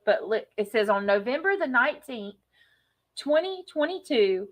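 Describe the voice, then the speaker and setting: A woman in a played video clip, reading aloud from a web page with hesitant pauses and fillers. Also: fairly high pitch, sing-song. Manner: hesitant, unsure of names, many fillers.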